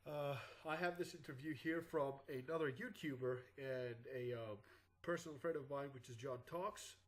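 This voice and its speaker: Male YouTuber with a congested, groggy sick voice; rambling casual commentary at a middle pitch. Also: normal speed, low-quality recording. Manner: rambling, with frequent "uh" and restarts. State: sick with clogged sinuses.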